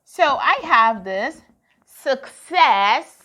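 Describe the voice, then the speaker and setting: A woman's voice: sits high, expressive, drawn-out words, pushed and bright. A woman teaching a pronunciation lesson to children. She drills words one at a time and asks and answers her own questions.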